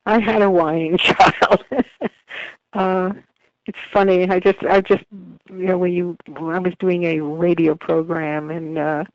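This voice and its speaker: An older woman author being interviewed, chatting casually with frequent laughter and halting restarts. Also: lowish voice, level tone, dry recording. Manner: laughs often while talking, halting restarts. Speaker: author guest. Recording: dull lo-fi remote line.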